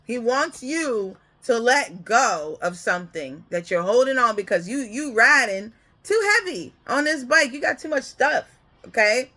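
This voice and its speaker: Bright-voiced woman giving a casual spiritual reading. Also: lowish voice. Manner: rambling, keeps checking in with "okay?"; laughs often. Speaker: spiritual card reader.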